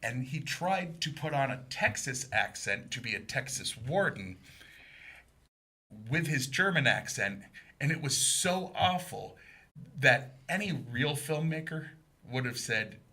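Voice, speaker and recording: A man co-hosting a community TV movie talk show, chatting casually with animated, mocking humor and frequent laughter. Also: medium pitch, measured pace. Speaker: co-host of a movie review show. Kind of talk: casual chat. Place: community TV studio.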